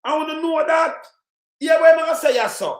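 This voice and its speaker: Ranting Jamaican man, high and roomy. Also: moderate pace. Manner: ranting, repetitive, often shouting in Jamaican patois. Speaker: livestream commentator. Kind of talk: heated live news commentary.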